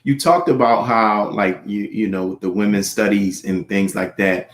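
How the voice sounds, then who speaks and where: A man hosting a one-on-one interview, asking long, halting questions and giving soft backchannel sounds while the guest speaks. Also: fairly low pitch, echoey room, a little hiss or hum. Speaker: interview host.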